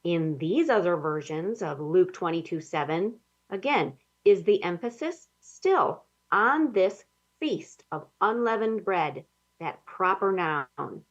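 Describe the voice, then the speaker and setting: Woman teacher, very slow measured reading, slightly dull recording. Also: on the low side, animated. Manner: slow, deliberate reading of verses. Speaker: Bible study teacher. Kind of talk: scripted teaching narration.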